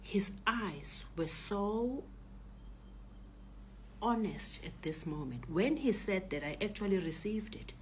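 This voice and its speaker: A woman's voice: mid-range voice, slow pace, slight background noise. South African woman telling a story. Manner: animated retelling, acts out voices and shouts. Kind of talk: personal storytelling.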